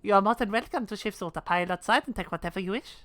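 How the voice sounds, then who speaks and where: A woman's voice: mid-range voice, racing, fairly bright tone, no echo, natural voice. A woman doing a French-accented innkeeper. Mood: courteous. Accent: put-on French. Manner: courteous, stumbling over words. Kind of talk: reading game dialogue aloud.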